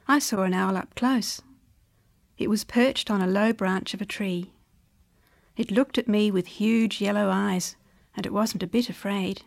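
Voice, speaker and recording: A woman's voice: medium pitch, vocal fry, no room sound. A woman speaking to children in a reflective, reminiscing way.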